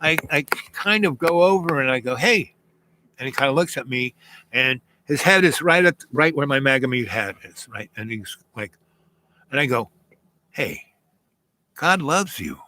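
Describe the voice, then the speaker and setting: Bright-voiced man rambling through a story. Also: medium pitch, expressive, moderate pace, poor audio. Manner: rambling, full of fillers and asides. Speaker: host telling a personal story. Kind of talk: casual anecdote.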